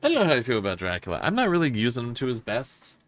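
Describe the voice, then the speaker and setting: A man's voice: mid-range voice, wildly swooping pitch, very fast, a bit bright, no room sound. A man streaming a horror game live, talking frankly and swearing as he mulls over a confusing match. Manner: frank, swearing, puzzled and self-critical. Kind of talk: casual gameplay commentary.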